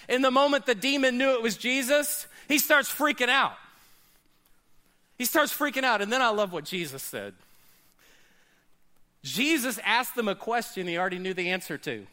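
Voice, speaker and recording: Pastor, male, high bright voice, dynamic sermon delivery with loud peaks and hushed drops. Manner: dynamic preaching, swinging between loud high bursts and low quiet asides.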